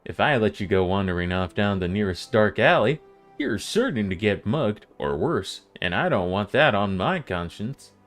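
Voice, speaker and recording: A man voicing a gruff local man who points a newcomer the way, in a lowered, measured delivery. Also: very animated, soft background music. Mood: helpful.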